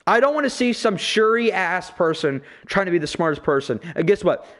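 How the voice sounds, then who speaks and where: A man with a fairly high voice holds forth on a casual podcast, swearing freely and ranting with firm opinions. He talks in loose, run-on bursts full of fillers. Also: lively intonation, normal speed, a bit bright. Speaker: podcast host.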